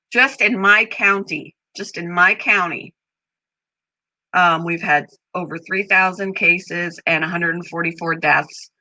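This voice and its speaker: Woman, casual live-stream host, slow unhurried talk, bright voice, talks to her pet bird. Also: no echo, rough recording. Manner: chatty, talks to her parrot in a high baby voice. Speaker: channel host. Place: home room.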